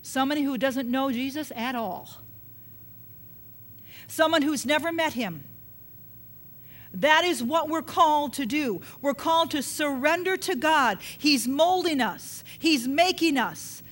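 A woman's voice: high voice, lively intonation, a little slow. A woman preaching a sermon, emphatic and repetitive, often putting questions to her listeners.

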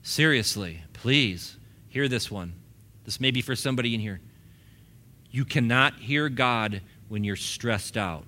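Bright-toned male pastor preaching conversationally. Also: medium pitch, unhurried. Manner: conversational preaching with laughs and acted-out quotes. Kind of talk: sermon. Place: church sanctuary.

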